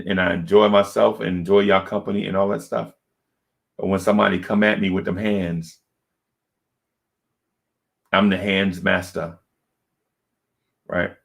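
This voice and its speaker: A man with a low, gravelly voice telling a personal story on a podcast. He talks casually and keeps checking in with his listeners as he goes. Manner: conversational, checks in with "right?". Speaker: podcast co-host.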